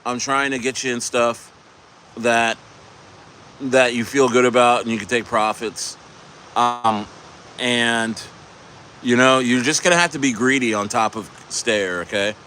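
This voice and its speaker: Guy rambling on his crypto stream, bright pushy voice, lots of restarts and cussing, faint car noise. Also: mid-range voice, steady tone, measured pace, pauses often. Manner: rambling, repeats words, swears. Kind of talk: casual live-stream chat.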